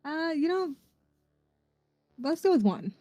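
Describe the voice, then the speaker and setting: A woman's voice: high-pitched, sing-song, slow, dark tone, no room sound, soft background music. A woman playing a tabletop game, easygoing and giggly, hesitating often. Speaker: player. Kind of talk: casual tabletop game play. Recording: dull, dry lo-fi mic.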